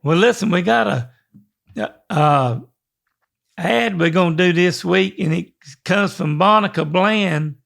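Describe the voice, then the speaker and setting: An older man with a fairly high, gravelly voice. He co-hosts a casual podcast, rambling in a folksy way and restarting his sentences often. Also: a little slow, a bit bright. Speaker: podcast co-host.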